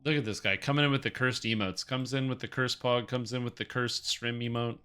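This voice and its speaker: A man's voice: mid-range voice, steady tone, brisk, bright, forceful tone, clean tone. A man in his thirties streaming a game, joking and rambling as he reads chat aloud. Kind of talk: casual stream chat while gaming.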